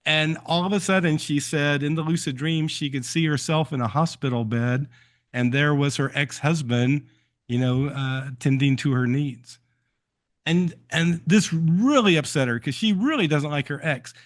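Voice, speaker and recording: A man's voice: on the high side, normal speed. Man telling stories with many ums. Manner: relaxed storytelling with frequent ums and uhs. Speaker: host answering viewer questions. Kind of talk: live-stream question and answer.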